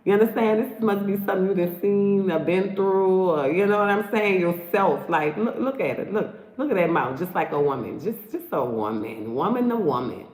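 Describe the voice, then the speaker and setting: A woman's voice: mid-range voice, animated, normal speed, few pauses, darkish tone. A woman giving taunting, sassy commentary on a video, repeating herself to mock the person on screen. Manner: sassy, taunting, repetitive "look, look". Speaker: host. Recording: roomy echo.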